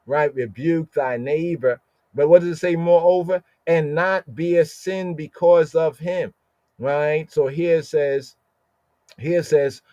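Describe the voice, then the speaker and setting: Man, scripture teacher, slightly high pitch, repeats words, dry close recording. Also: darkish tone, dry recording, lo-fi sound. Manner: explains Hebrew words slowly, repeats and asks "right?". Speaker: Bible teacher.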